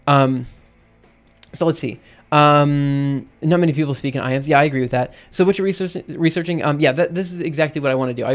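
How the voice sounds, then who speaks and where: A man explaining things casually on a livestream, thinking aloud with frequent pauses and restarts. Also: a little high. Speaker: streamer.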